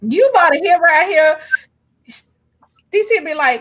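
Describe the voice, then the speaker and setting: A woman's voice: very high-pitched, animated, a little slow, a bit bright. A woman co-hosting a casual chat, telling stories in a blunt, profane, laughing way. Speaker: co-host.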